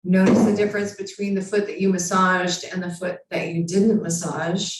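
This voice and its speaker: A woman leads a yoga lesson in a calm, encouraging voice, cueing each movement step by step. She sounds some way from the microphone. A strong echo hangs around her in the room. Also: lowish voice, normal speed. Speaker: yoga teacher. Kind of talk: guided yoga instruction. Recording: very echoey room, far from mic.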